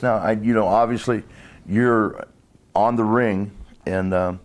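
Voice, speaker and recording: A man, a former wrestler, telling stories in a casual interview, rambling and halting with many restarts. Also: lowish voice, fairly even intonation.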